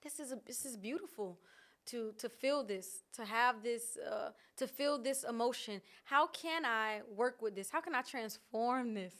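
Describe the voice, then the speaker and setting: A woman vlogger talking candidly to camera in a casual, reflective way, expressive and often laughing. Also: fairly high pitch, unhurried.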